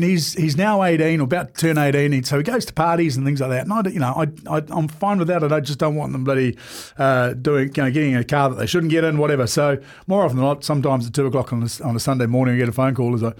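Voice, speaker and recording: A man's voice: fairly high pitch, fast talker. A man in his forties, a podcast guest, talking candidly and earnestly, with many fillers and restarts. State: emotional at times. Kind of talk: candid conversation.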